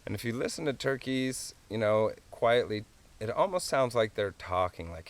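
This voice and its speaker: Laid-back guy with a lowish voice teaching animal calls, folksy and chuckly. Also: normal speed, slight background noise. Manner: easygoing, chuckles often, plain folksy explanations. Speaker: wildlife calling instructor. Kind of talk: hands-on tutorial.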